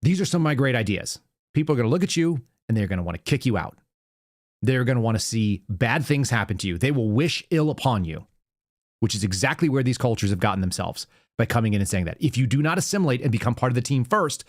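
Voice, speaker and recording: A man's voice: mid-range voice, animated, fast talker, no room sound, studio quality. A man hosting his own show, talking casually in a monologue and often repeating words as he restarts. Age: adult with young child. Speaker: podcast host.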